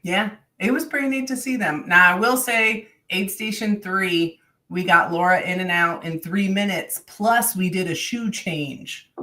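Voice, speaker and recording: A woman telling race stories in casual podcast chat, upbeat and chatty. Her voice is lowish but bright and sharp. She sits a little back from the mic. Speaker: podcast co-host. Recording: voice a bit far from the mic.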